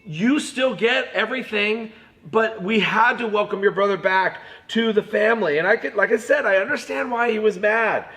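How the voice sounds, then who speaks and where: A high, bright man's voice leading a kids' church lesson. He talks in an animated way and keeps calling the children "you guys". His tone stays clear and lively. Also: normal speed, soft background music.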